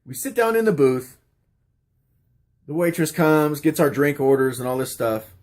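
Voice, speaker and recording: A man's voice: on the high side, moderate pace, darkish tone. A middle-aged man casually telling stories and answering questions on his channel, rambling with many fillers and restarts. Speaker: YouTuber answering a question tag. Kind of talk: casual storytelling vlog.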